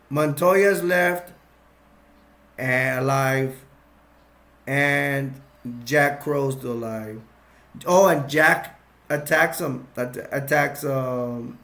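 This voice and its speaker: A man casually retelling a movie plot, rambling and excitable, with restarts and sound effects. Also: medium pitch. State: sugar-boosted, energetic. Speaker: movie recap vlogger.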